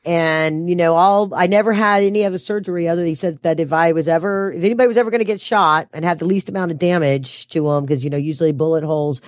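A woman's voice: lowish voice, quick pace, hardly any pauses, dry recording, clean studio sound. A woman telling a personal story as an interview guest, her voice rising when she quotes herself.

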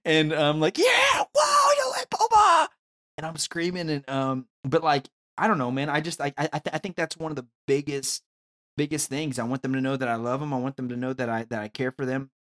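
A man in his thirties chatting casually as a co-host, rambling with many restarts and now and then breaking into excited yelling. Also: mid-range voice, a little fast. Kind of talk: casual chat.

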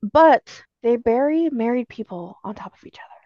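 Young woman, casual podcast chat, dry jokes, high lively voice, muffled dry recording. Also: moderate pace, no echo. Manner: dry, joking storyteller. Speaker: podcast co-host.

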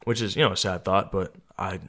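A young man chatting casually as a guest, rambling in a relaxed way and often tagging his sentences with "right?". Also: sits low, a little fast. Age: young adult. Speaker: interviewee. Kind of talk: casual chat.

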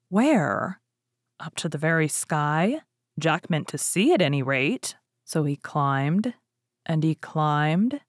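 A woman reading a fairy tale aloud as a storyteller, lively and expressive. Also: fairly low pitch, dry recording, studio quality.

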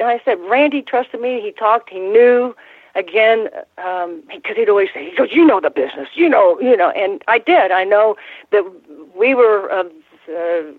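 A woman's voice: lowish voice, dry recording. An older woman recounts her years around the ring, stopping and restarting her sentences as she goes. Her voice comes through a narrow, tinny phone line. The sound is dry, with no room around it. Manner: halting, many restarts and fillers. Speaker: former ring announcer, guest. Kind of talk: casual interview storytelling.

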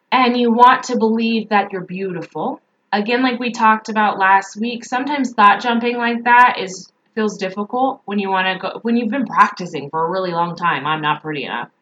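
A woman's voice: on the high side, sharp tone, lo-fi sound. A woman mindset coach giving a motivational talk, repeating emphatic affirmations.

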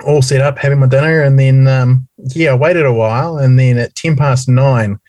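A man's voice: medium pitch, normal speed, dry recording. A young man with a New Zealand accent co-hosting a casual podcast, telling stories in a chatty, cheeky way. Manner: chatty, cheeky, lively storytelling. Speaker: podcast co-host. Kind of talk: casual chat.

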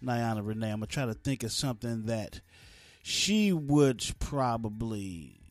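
A man's voice: medium pitch, no room sound. A man hosting a podcast alone, talking in a playful, jokey, slangy way. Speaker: podcast host. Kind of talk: casual solo podcast chat.

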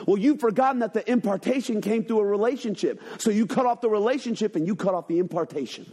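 Husky high-voiced preaching man. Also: fast talker, few pauses. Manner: preachy call-and-response, swings between loud and hushed. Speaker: pastor. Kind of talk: sermon. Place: church sanctuary.

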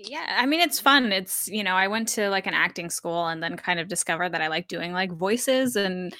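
A woman co-hosting a podcast in relaxed, chatty talk with fillers and light laughs. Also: lowish voice, moderate pace, no room sound, clean studio sound. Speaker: podcast co-host. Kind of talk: casual podcast chat.

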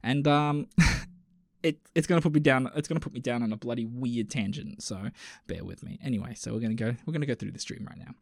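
A man streaming and reading online posts aloud, reacting with sudden loud exclamations and casual swearing. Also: medium pitch, brisk, gravelly, no echo, studio quality. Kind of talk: casual chat with commentary.

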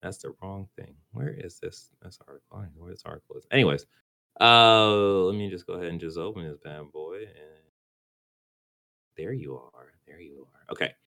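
A man with a low voice co-hosts a laid-back gaming podcast. He rambles, trips over his words and restarts his sentences, chuckling as he goes. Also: normal speed, vocal fry, sharp tone. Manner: rambling, stumbles and restarts, laughs easily. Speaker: podcast co-host. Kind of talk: casual gaming podcast chat.

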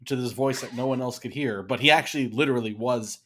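A man on a podcast, sharing movie trivia in a relaxed, chatty way. He tells his stories eagerly and at length. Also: medium pitch, fast talker. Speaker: podcast co-host. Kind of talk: casual movie review chat.

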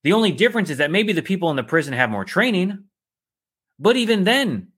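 Male podcast co-host, dry sarcastic commentator, animated pitch. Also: brisk, husky. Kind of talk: casual political chat.

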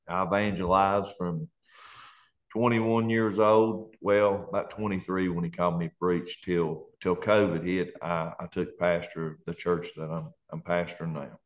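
A man with an Appalachian accent gives a fervent, earnest testimony in a very low, deep voice. He speaks as a pastor, in plain country grammar, and comes close to tears at times. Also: little pitch movement, a little slow. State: near tears. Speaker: pastor and guest. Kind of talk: emotional testimony.

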